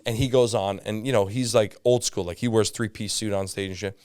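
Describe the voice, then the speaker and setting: Smooth-voiced comedian telling stories. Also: male voice, fairly low pitch, a little fast. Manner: animated, swears freely, acts out others mid-story. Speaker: comedian guest. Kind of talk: casual storytelling chat.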